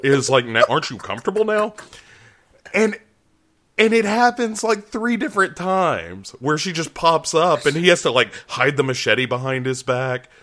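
Animated man riffing on a movie. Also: a little high, normal speed. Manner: animated, laughing, jokey asides and quoted voices. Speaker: podcast co-host. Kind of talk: casual movie review chat.

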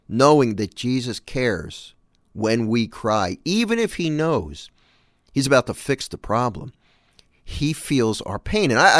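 A man's voice: medium pitch, no room sound, clean studio sound. A man hosting a show, reading scripture aloud and reflecting on it in an earnest, emphatic way. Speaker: host.

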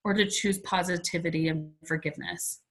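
A woman's voice: fairly low pitch, steady tone, fairly quick, a bit bright, low-quality recording. A woman in her forties, a podcast guest, telling a personal story in a chatty, emotional way with many "like" fillers. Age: 40s.

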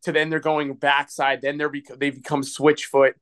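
A man's voice: a little high, little pitch movement, normal speed, a bit bright. A man, a filmmaker guest on a podcast, talking casually and rambling with lots of filler words. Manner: rambling, filler-heavy, full of "like". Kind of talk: casual conversation.

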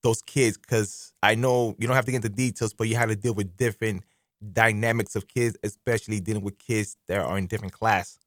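A man hosting a casual radio interview, joking around in slangy, animated talk. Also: lowish voice, brisk, no echo, studio quality. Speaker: radio host.

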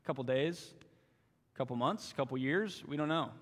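A man's voice: mid-range voice, brisk, big-room sound. A young man giving a sermon as a youth intern, earnest and fond of repeating phrases for emphasis. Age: young adult. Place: church sanctuary.

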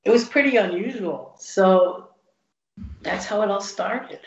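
A blues guitarist, a woman with a medium-pitched voice, tells stories at a slightly unhurried pace in a casual interview, playing the parts of the people she quotes. The audio is lo-fi, dull and roomy.

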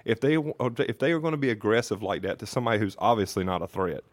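Podcast regular: low-voiced man, dry close mic, angry and profane in his story. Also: expressive, fast talker, dry recording. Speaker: podcast co-host. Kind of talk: casual podcast chat, storytelling.

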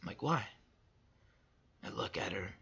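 Husky, bright-voiced man on lo-fi audio. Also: mid-range voice, normal speed. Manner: emphatic and repetitive, drops from loud to soft. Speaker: father sharing reflections. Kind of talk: personal motivational monologue.

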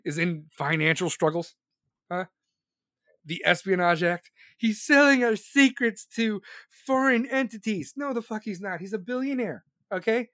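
A man's voice: high voice, a bit bright, dry recording, studio quality. Heated, foul-mouthed man ranting on stream. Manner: heated, swearing constantly, sarcastic. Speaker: political commentator streaming to viewers. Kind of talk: profane live-stream rant.

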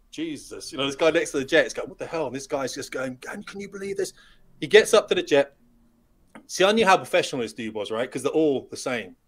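A middle-aged man, a retired pilot, telling lively anecdotes as a podcast guest and acting out the dialogue. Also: a little high. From United Kingdom. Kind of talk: storytelling in a podcast interview.

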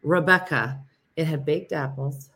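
A woman with a low voice rambles through a casual livestream chat with her viewers. She talks in a loose, meandering way, full of fillers and restarts. She clears her throat often. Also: measured pace, bright, forceful tone, a little hiss or hum. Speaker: livestream host.

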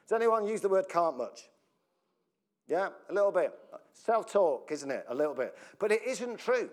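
Here a pastor preaches at normal speed in a high-pitched, sing-song voice. His style is chatty and humorous: he laughs frequently, trails off mid-sentence, and asks the congregation questions.

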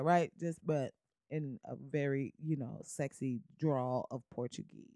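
A woman with a bass voice, fairly even intonation, and a warm tone hosts her own podcast unhurriedly from a room at home on a podcast mic. The sound is clean, studio-like, and echo-free as she delivers a casual, animated solo monologue, often laughing and slipping into bits of song.

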